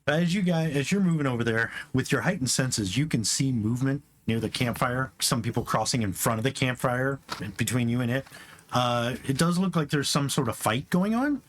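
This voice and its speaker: Give me a man running a tabletop game, steady mid-range voice and faint background noise. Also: medium pitch, normal speed. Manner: explains rules patiently, with restarts. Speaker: game master.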